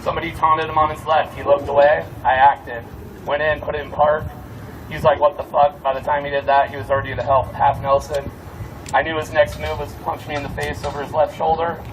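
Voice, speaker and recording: An angry, fired-up man shouts a profane rallying speech to a crowd at a night street protest. His voice is high for a man and sits back from the mic, with faint street noise behind him. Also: flat delivery, a little fast, far from the mic, rough recording. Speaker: protest security volunteer.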